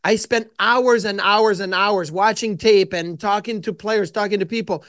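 A man in his forties with a noticeably high-pitched voice, recorded dry and close. He tells his stories in an animated, casual way, often restarting his sentences. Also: normal speed, no room sound. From Quebec, Canada. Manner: animated anecdotes with frequent restarts. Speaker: guest, former goaltender. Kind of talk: casual storytelling interview.

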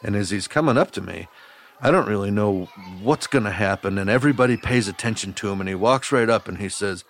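Speaking briskly in a fairly low voice, a camp-counselor host from Wisconsin tells young listeners a story on his children's podcast, using folksy, homespun expressions. A little hiss or hum can be heard.

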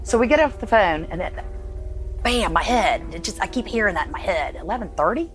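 A woman recounting a traumatic family event, halting and emotional, acting out the voices of others as she speaks. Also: mid-range voice, expressive, faint music behind, rough recording. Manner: halting, emotional, acts out dialogue. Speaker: interviewee recounting a family tragedy. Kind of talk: personal account in interview.

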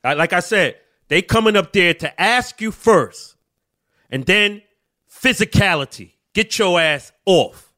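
A man co-hosting with slow, unhurried delivery, tossing in slangy agreement. His voice is bright and rises and falls a lot. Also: sits high, lively intonation. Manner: laid-back agreeing interjections, slangy. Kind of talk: casual chat.

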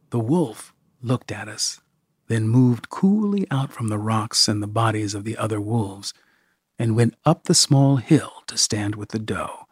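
A man narrating a first-person story in a measured, expressive audiobook style. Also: fairly low pitch, slightly rough.

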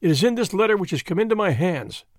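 A man's voice: sits high, expressive, fast, no room sound, studio quality, pitched above the performer's own voice. A man reading as McMurdo, an earnest bold young man. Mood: solemn, grave. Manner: earnest, forceful pleading and solemn speechmaking. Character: bold young man, secret-society member, earnest and commanding.

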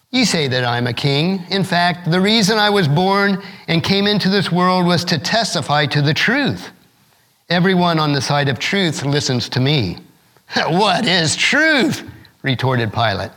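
A man's voice: a little high, fairly bright tone. A man as pastor, preaching a sermon and reading scripture aloud expressively, lifting his voice for the quoted speakers.

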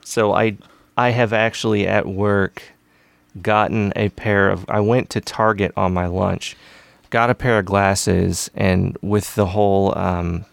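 A man's voice: fairly low pitch, fairly even intonation, a little slow, creaky, no room sound. A man chatting casually on a podcast, laughing easily and slipping into playful impressions. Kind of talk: casual chat.

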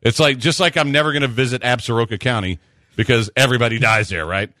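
A man hosting a sports radio show, chatting casually and telling stories with quick asides. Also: medium pitch, no room sound, clean studio sound. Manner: animated storyteller, quick asides.

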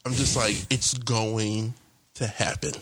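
A man's voice: lowish voice, slow pace. A young man casually telling a long story on a podcast, rambling, with lots of fillers and swearing. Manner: rambling, heavy on fillers and profanity, animated retelling.

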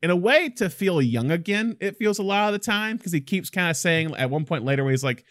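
A man's voice: sits high, lively intonation, a little fast, a bit bright, no echo, clean studio sound. A man co-hosting a casual film discussion, talking enthusiastically and acting out quotes from the movie.

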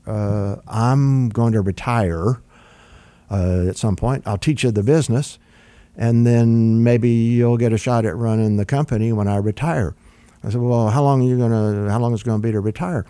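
An older man speaks low and warm, drifting through anecdotes with plenty of ums and restarts. The sound is close and dry, with no room around it. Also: normal speed, no echo. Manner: relaxed, rambling with fillers and restarts. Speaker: record producer guest. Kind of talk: conversational interview storytelling.

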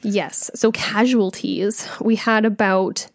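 A young adult woman co-hosting a casual history podcast, reading out facts in a conversational way with fillers and quick self-corrections. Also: medium pitch, steady tone, dry recording, studio quality. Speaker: podcast co-host.

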